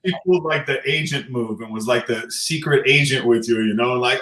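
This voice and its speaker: A man's voice: medium pitch, fairly quick, fairly bright tone, roomy sound, rough recording. A man in his thirties, a rapper, chatting loosely in an interview, swearing and laughing as he tells stories. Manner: loose, profane, laughing storyteller. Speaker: guest rapper. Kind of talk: casual interview chat.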